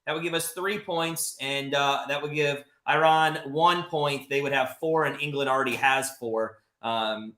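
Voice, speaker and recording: A man's voice: mid-range voice, unhurried, few pauses, pushed and bright, reverberant. An American man hosting a live watch-party stream, upbeat and talking to the chat viewers. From United States.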